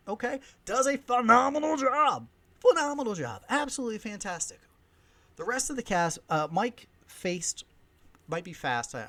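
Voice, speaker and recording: A podcast host in his thirties or forties rants excitedly while reviewing a movie, swinging between loud emphasis and soft asides. He has a high voice.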